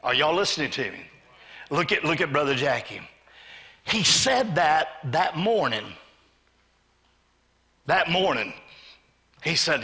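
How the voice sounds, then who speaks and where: Very animated yet slow, with long pauses, a pastor speaks in a sharp, high-leaning voice from the church sanctuary. His call-and-response sermon asks for amens, and he dramatizes the voices of a greedy man and of God.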